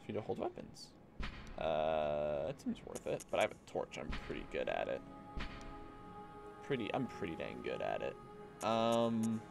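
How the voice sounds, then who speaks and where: A man's voice: a bass voice, wildly swooping pitch, a little slow, vocal fry, long pauses. A man giving live, chatty commentary as he streams a video game, talking to his viewers. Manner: chatty, talks to viewers while playing, jumps between hype and mumbling. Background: game music.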